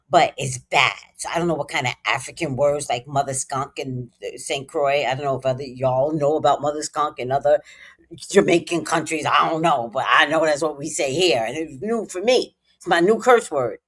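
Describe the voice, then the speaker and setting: A woman's voice: low voice, fairly quick. A woman tarot reader giving casual gossip commentary, speculating and talking straight to her viewers.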